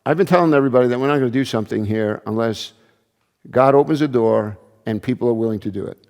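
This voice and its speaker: Conversational pastor in a reverberant church. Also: male voice, medium pitch, quick pace, darkish tone. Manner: conversational, frequent restarts and asides. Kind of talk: sermon.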